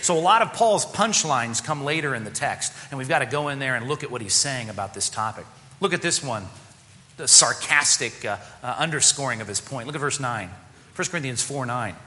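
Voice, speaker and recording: Animated bright-voiced male preacher in a hall. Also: medium pitch, brisk. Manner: animated, sarcastic, acts out quoted voices. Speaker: pastor. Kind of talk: sermon.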